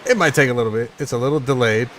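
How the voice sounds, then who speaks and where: Man, live-stream race commentator, casual chatty delivery, reads chat, average pitch. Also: rapid-fire, a bit bright, a little hiss or hum. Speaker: sim racing stream commentator.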